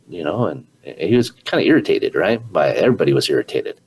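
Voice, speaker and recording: A man's voice: low voice, big pitch swings, fast talker, slight background noise, low-quality recording. A man hosting an interview, earnestly retelling a story and sharing his own experience, often restarting his words. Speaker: podcast host. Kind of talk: conversational storytelling.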